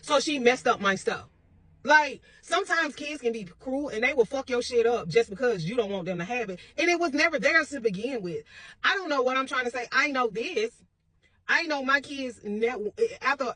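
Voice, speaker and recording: A woman's voice: high-pitched, sharp tone, no room sound. A woman telling a personal parenting story in a casual, blunt, rambling way, with some profanity. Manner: rambling with restarts; confident.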